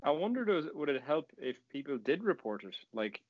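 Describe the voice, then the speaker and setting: A man's voice: fairly high pitch, sing-song, brisk, no echo, lo-fi sound. An Irish man, a musician guest on a podcast, thinking aloud in casual chat. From Ireland.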